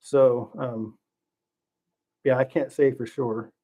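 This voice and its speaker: On a relaxed livestream, a middle-aged host fields viewer questions, thinking out loud with fillers and restarts. He has a mellow, steady mid-range voice and a slow pace, and the stream audio is slightly dull and lo-fi.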